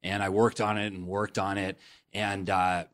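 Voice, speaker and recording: Canadian man, low voice, dry close mic, rambling anecdotal guest. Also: normal speed, no echo. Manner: animated anecdote-telling with many fillers. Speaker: actor guest. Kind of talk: casual interview storytelling.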